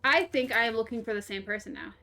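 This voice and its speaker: A woman's voice: on the high side, fast talker, sharp tone. A young woman streaming a game, rambling through a story in casual chat, laughing and swearing freely. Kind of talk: casual storytelling while playing.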